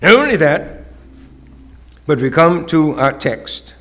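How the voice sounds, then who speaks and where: High, bright-voiced preaching man. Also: sing-song, slow pace. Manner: preaching with rising, emphatic calls and acted quotes. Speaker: pastor. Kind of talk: sermon.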